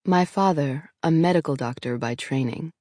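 Low-voiced woman reading her frank memoir. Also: moderate pace, a little mellow, no room sound, studio quality. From New York, USA. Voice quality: candid, frank. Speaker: author reading her own book. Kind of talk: audiobook memoir narration.

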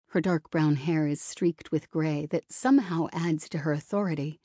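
A woman's voice: sits low, normal speed, few pauses, dark tone, no room sound, clean studio sound. A woman reading a novel in the first person, wry and self-conscious in tone. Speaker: audiobook narrator.

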